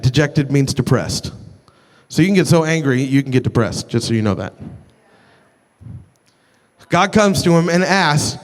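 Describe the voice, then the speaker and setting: A male pastor delivers an impassioned sermon, hammering points home through repetition and quick restarts. His voice sits high for a man and rings out with long reverb through a large church hall. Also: lively intonation. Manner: impassioned, repeats phrases for emphasis, frequent restarts.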